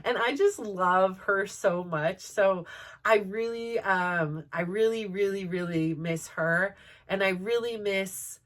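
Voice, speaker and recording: Woman, chatty storytelling, frequent laughter, filler-heavy, mid-pitched, slightly distant mic. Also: slow. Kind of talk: personal storytelling.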